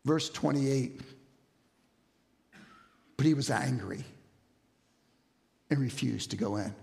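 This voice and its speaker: A man preaching an expository sermon, telling the story with animated energy and rhetorical questions. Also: medium pitch, slow pace, gravelly. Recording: long hall reverb.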